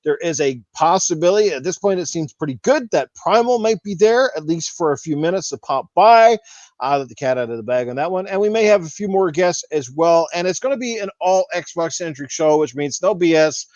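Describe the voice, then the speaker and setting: Chatty gamer guy, voice kinda worn out, bit high, dull dry sound. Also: animated, a little fast, a little mellow, no echo. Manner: chatty, promotional. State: voice worn from talking a lot. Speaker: podcast guest and gaming show host. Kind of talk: casual podcast chat.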